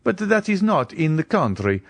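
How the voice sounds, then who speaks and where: A man reading aloud as a nonchalant aristocrat, cool and commanding as he closes a purchase. The voice moves a lot in pitch, and the audiobook recording is dry and close. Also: normal speed, gravelly, no room sound, full character voice. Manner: calm, offhand, commanding. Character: cool, wealthy nobleman buying a house.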